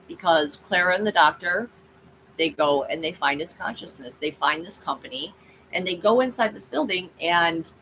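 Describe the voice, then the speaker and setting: A woman's voice: low-pitched, a bit bright, slight background noise, poor audio. A woman hosting her own channel, chatting casually and rambling through a story with frequent asides to viewers. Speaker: channel host.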